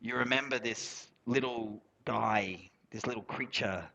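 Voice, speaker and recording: A man's voice: fairly low pitch, vocal fry, pushed and bright. Rambling man narrating as game master. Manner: rambling, halting, with fillers and laughs.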